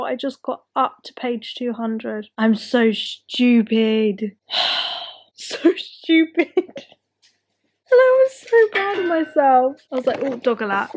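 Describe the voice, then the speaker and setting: A young adult woman, chatting casually in a vlog, rambling and poking fun at herself. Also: high voice. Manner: self-deprecating, rambling, thinks aloud. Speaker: book vlogger.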